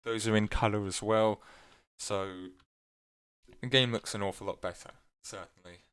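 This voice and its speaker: A man with a fairly low voice talks through his gameplay in a loose, rambling way, full of fillers and mid-sentence corrections. His voice cracks here and there as he goes. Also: fairly even intonation, moderate pace, fairly bright tone, clear, resonant tone. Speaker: gameplay video creator. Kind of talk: casual gameplay commentary.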